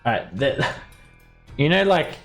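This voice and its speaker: A man's voice: on the high side, very animated, takes it slowly, fairly bright tone, faint music behind. A man narrating as game master, talking casually and filling his lines with "like" and "uh". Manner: chatty, full of "like" and "uh".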